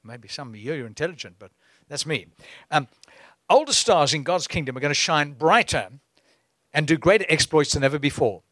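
Animated male preacher, dry close sound. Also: on the high side, brisk, no room sound. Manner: animated, exhorting preaching with chuckles. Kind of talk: sermon.

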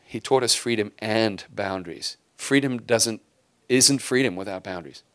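A man's voice: on the low side, normal speed, fairly bright tone, no room sound. A man preaching a sermon in an earnest way, with emphatic bursts and frequent restarts.

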